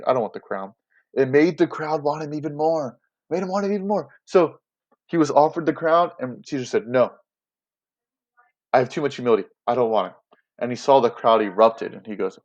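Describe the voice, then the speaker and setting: A man teaching as he talks through a classic play, chatty and animated, paraphrasing in slangy everyday words with quick asides. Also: medium pitch, dull audio. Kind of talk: casual classroom explainer.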